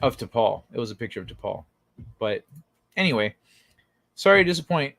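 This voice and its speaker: A man's voice: mid-range voice, very animated, normal speed, gravelly, fairly bright tone, dry recording, clean studio sound. Laughing, foul-mouthed streamer man. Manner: laughs often and swears freely; rambling, with frequent fillers and tangents. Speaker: livestream host. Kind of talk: casual live-stream chat, reading chat comments aloud.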